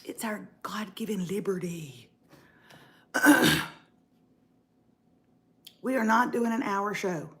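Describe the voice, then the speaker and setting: A middle-aged woman hosting a casual chat show, animated and jokey, calling her viewers y'all. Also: medium pitch, slow pace, long pauses. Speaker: host.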